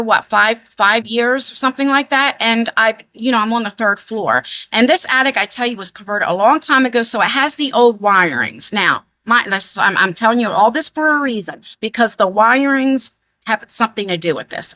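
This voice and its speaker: Lady vlogging from her attic, higher voice, rambly and emphatic, dry close sound. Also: bright, forceful tone, no room sound. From New Jersey. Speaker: beauty vlogger. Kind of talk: casual chatty storytelling. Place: converted attic room at home.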